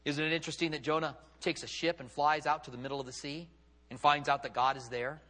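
A man preaches in a high, bright, ringing voice, acting out the lines he quotes with sweeping dramatic rises and drops. His words trail off into the long reverb of a church sanctuary. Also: level tone, fast. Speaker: pastor. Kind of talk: sermon.

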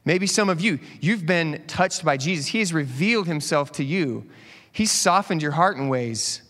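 Joking pastor in a reverberant hall. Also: male voice, fairly high pitch, moderate pace. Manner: animated, joking asides to the congregation. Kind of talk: conversational sermon.

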